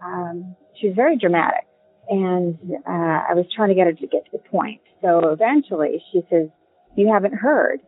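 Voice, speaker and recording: A woman telling a personal ghost story in a casual, halting way, with many ums and restarts. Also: lowish voice, slight background noise. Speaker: caller sharing a ghost story. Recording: tinny phone line.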